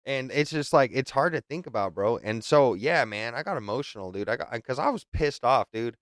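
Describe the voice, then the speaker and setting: A man hosting a casual podcast, talking heatedly and with a lot of swearing, loud at times and low and subdued at others. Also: expressive, a little fast, dry recording, studio quality. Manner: heated, profane, swings from yelling to subdued. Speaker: podcast host.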